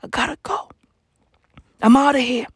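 A woman voicing a seductive, restless female cat burglar who drops into breathy whispers and meows. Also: high voice, steady tone, moderate pace, no echo, clean studio sound. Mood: teasing.

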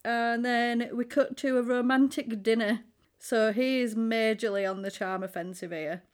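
A woman's voice: on the high side, steady tone, moderate pace. A woman chatting casually, retelling a film scene by scene with frequent laughter. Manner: chatty, giggly storyteller who acts out quotes. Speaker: podcast co-host. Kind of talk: casual chat recapping a film.

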